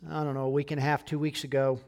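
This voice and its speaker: A man's voice: a little high, level tone, racing, darkish tone. A middle-aged man, a pastor, preaching a sermon in a conversational way, often checking in with his listeners. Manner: conversational preaching with frequent "okay?" check-ins.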